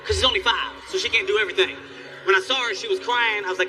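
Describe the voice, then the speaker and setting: A man doing a stand-up comedy set, telling animated stories and acting out the people in them. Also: sits high, racing, far from the mic, background noise. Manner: animated storytelling, acts out characters, yelling bits. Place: theater stage before a live audience.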